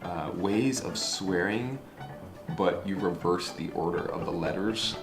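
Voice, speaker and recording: A young man giving halting interview answers, often stumbling over his words. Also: low-pitched. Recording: echoey room with guitar music.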